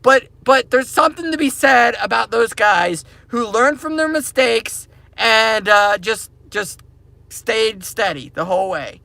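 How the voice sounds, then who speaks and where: Guy ranting in his car, high gravelly voice, super repetitive and pushy. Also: animated, unhurried, sharp tone, no room sound. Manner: repetitive, emphatic, preachy. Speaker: crypto mining channel host. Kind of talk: casual ranting monologue to viewers. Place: inside his parked car.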